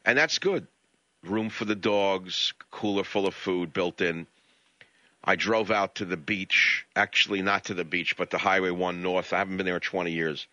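A man's voice: low voice, normal speed, pushed and bright, dry recording. A male radio talk show host delivering a blunt, sarcastic monologue into a studio mic. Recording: dull lo-fi radio audio.

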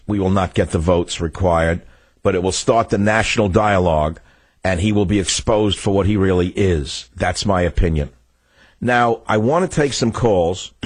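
A man's voice: deep voice, dry recording. A man hosting a political talk radio show, ranting heatedly and repeating phrases for emphasis. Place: radio studio.

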